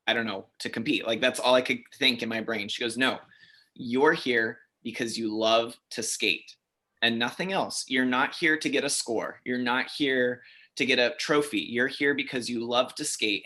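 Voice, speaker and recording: A man in his thirties, an interview guest, telling stories in a chatty, animated way with many fillers. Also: mid-range voice. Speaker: interview guest, figure skater. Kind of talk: casual interview storytelling.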